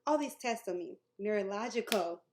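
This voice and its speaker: A woman's voice: medium pitch, moderate pace, a little mellow, slight background noise. A young woman tells a personal story to her camera in a loose, chatty way. She laughs often and slips into the voices of the people in her story. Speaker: vlogger telling her story. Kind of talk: casual storytime vlog.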